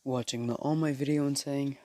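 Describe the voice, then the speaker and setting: A man's voice: mid-range voice, steady tone, fairly quick, darkish tone. A man telling a fan story casually, rambling with fillers and correcting himself.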